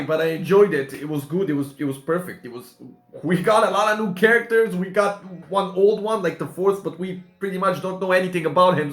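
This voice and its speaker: Talk as a high-voiced man reacting to an anime. Be emotional and exclamatory, in an echoey room. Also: fairly bright tone. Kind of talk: casual reaction commentary.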